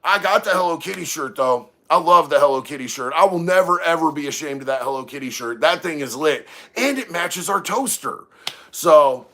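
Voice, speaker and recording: Bright-voiced man chatting on livestream. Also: a little high, animated, normal speed. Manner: laid-back, slangy, reads chat aloud. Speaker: livestream host. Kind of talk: casual livestream chat.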